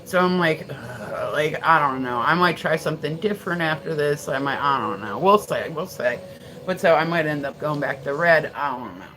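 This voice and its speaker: Middle-aged female streamer, lowish voice, rambling profane chat to viewers. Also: brisk, fairly bright tone, soft background music, rough recording. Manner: answers viewer comments aloud. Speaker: livestreamer. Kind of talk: casual live-stream chat.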